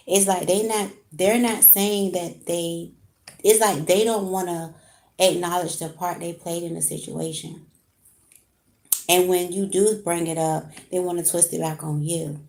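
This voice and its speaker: A woman's voice: on the low side, steady tone, unhurried, vocal fry, a little mellow. A woman giving a casual live tarot reading at home, talking straight to her viewers with slang. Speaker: tarot card reader. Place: home room with heat on.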